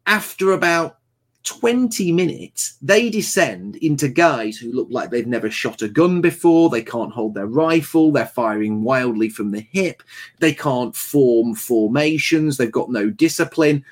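A man's voice: medium pitch, unhurried. Blunt man reviewing a film. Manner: blunt, animated, mocking. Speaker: host. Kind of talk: casual film review chat.

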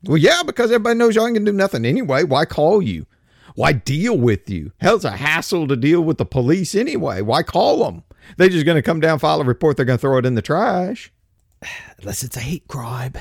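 A man's voice: on the high side, big pitch swings, brisk, gravelly, dry recording, studio quality. A man hosting a podcast, ranting in a casual, colloquial way full of slang. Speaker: podcast host.

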